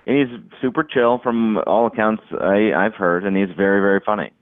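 A man's voice: lowish voice, fairly even intonation, moderate pace, dry recording. A man chatting casually on a podcast, rambling with lots of restarts and "like"s. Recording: dry, tinny phone-like line.

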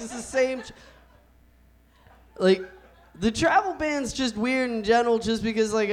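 A young man doing a stand-up comedy set on a club stage into a handheld mic, with a loose, laid-back delivery and drawn-out punchlines. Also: high voice. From United States.

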